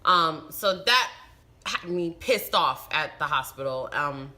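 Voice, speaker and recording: A woman vlogger speaks straight to camera in an easy, conversational storytelling way. Her voice is bright and forward, and she leans hard into the key words with animated emphasis. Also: sits low, slow. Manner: animated, emphatic retelling with frustrated outbursts. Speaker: vlogger and new mother.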